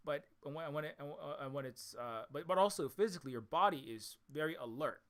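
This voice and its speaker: A man's voice: a little high, a little fast, a bit bright. A man from Hawaii giving a rambling solo commentary, repeating himself and checking in with "right?" after each point. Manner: repetitive, restarts often, ends points with "right?". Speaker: indie game developer talking to his audience.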